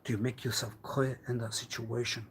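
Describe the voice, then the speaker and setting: A man on a livestream delivering a rambling, theatrical monologue, full of rhetorical questions and menacing threats, that swings from hushed mutters to loud outbursts. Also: mid-range voice, flat delivery, a little fast, a little hiss or hum.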